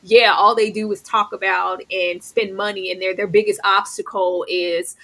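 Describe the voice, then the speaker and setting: A woman hosting a casual live recap of a TV show, lively and often laughing as she acts out the characters' lines. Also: medium pitch, normal speed, few pauses. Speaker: host reviewing a TV series.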